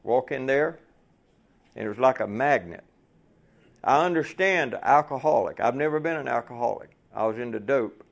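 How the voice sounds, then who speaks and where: A man's voice: mid-range voice, expressive, normal speed, gravelly. A man preaching a folksy sermon to fellow truckers, asking the room rhetorical questions.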